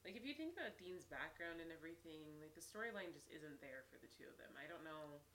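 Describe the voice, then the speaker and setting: A young woman guests on a chatty podcast in a low voice. She talks in a relaxed, offhand way and slips in dry jokes. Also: fast talker, slight background noise. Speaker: guest co-host. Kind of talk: casual recap chat.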